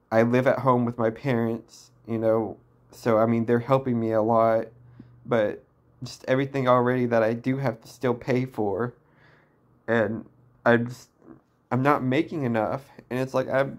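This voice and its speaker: Downcast, halting man in his twenties. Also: medium pitch, level tone. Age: 20s. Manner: halting, full of restarts and fillers, downcast. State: emotionally distressed. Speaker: vlogger. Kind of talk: personal venting monologue.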